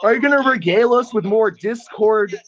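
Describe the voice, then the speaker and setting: Over a muffled online voice call, this male streamer, phoning into a rival's stream, mocks and provokes him in a heated exchange. He speaks high at a normal speed.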